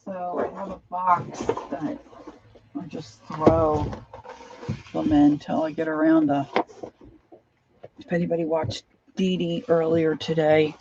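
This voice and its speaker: Slow rambling woman with gravelly voice. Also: low voice, little pitch movement, muffled recording, background noise. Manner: rambling, talks to herself while rummaging. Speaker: crafter. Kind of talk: casual crafting chat.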